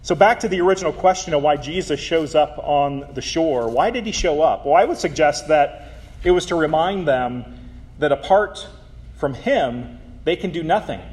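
A man delivers a sermon in an easygoing, talky way, often pausing on "um" and restarting his phrases. His voice sits a little high for a man. Now and then he slips in a light, joking aside. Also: expressive, darkish tone. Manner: conversational, with filler ums and self-corrections. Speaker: preacher.

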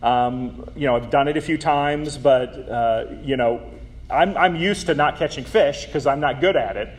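A man's voice: mid-range voice, moderate pace. A man preaching a sermon in a conversational way, with frequent ums and small self-corrections.

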